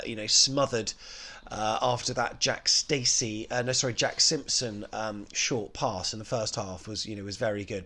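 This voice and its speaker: A man's voice: mid-range voice, sharp tone. A man hosting a football fan channel, rating players in a casual, rambling way, full of ums and you-knows and small self-corrections.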